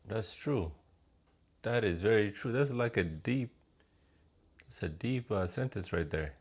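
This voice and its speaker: Man, reaction streamer, gravelly voice, lively pitch, blurts out reactions. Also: measured pace, long pauses. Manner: exclamatory, interjecting reactions. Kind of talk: casual reaction commentary.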